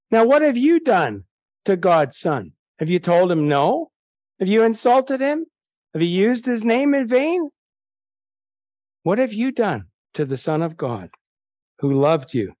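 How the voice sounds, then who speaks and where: A man's voice: high voice, darkish tone, no room sound. A man preaching an evangelistic sermon, reading Bible verses aloud and pressing his listeners with indignant rhetorical questions.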